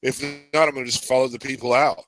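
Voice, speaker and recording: A man's voice: mid-range voice, steady tone, quick pace, a bit bright, no echo, faint music behind. A man playing in a tabletop game, chatting casually and rambling through his plans. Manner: rambling, full of fillers. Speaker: player.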